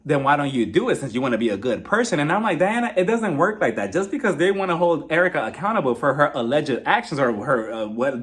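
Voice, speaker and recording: A young man giving a casual, gossipy reality TV recap and acting out the cast's lines in mock voices. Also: fairly high pitch. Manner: animated, gossipy, acts out quotes in mock voices. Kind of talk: casual commentary.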